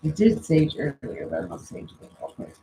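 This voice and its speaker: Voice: mid-range voice, wildly swooping pitch, brisk, warm tone, a little hiss or hum, rough recording. A spiritual coach giving a casual oracle card reading and prayer at home, musing aloud and often trailing off mid-thought.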